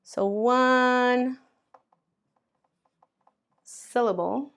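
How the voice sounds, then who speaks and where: A woman's voice: a little high, extremely slow, a bit bright, smooth. A woman teaching English grammar to learners, patiently spelling out letters and sounds one by one. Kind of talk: slow classroom grammar explanation.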